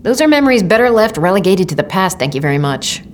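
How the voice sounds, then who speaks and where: A woman's voice: medium pitch, very animated, fast talker, slight background noise, natural voice. A woman doing a wry stubborn young woman. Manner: wry, sarcastic.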